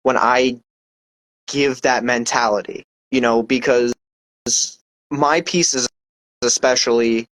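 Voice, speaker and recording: A man's voice: mid-range voice, steady tone, takes it slowly, pauses often, a bit bright, no room sound, rough recording. A man, a poet guest, explaining his craft in casual interview chat, confident and emphatic, often checking in with "right?".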